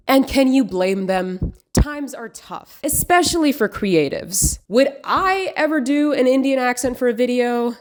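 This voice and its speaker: A woman's voice: high-pitched, animated, unhurried. A woman, from the United States, giving scripted video essay commentary with dry, sarcastic humor.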